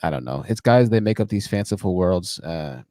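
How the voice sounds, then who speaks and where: Male call-in show host, low and warm, chatty and animated, dry close sound. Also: normal speed, dry recording. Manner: animated, chatty, laughs at his own stories. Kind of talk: livestream commentary and storytelling.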